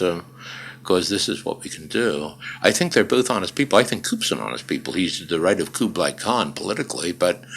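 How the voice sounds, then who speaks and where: An older man, a guest in an interview, telling stories in an emphatic, conversational way with dry humor and frequent pauses and fillers. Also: low-pitched, vocal fry, a bit bright, a little hiss or hum. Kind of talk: conversational storytelling.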